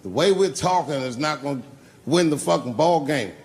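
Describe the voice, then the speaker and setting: Gravelly-voiced male stand-up comic. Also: a little high, expressive, moderate pace, a little mellow. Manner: profane, conversational storytelling with crowd work. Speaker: stand-up comedian. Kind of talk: stand-up comedy set. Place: comedy club stage before a live audience.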